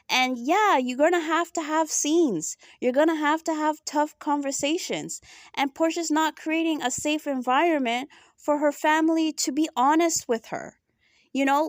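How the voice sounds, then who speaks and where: A woman reviewing a reality TV episode in animated casual commentary, often asking "right?". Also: sits high, no room sound, clean studio sound.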